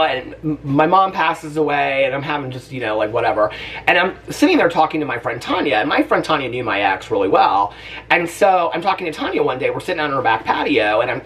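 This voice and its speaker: A man's voice: medium pitch, fairly bright tone, far from the mic. Chatty, emotional man telling a story. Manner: emotional, chatty, laughs often, voice catching near tears. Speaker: vlogger. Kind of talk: casual storytelling vlog.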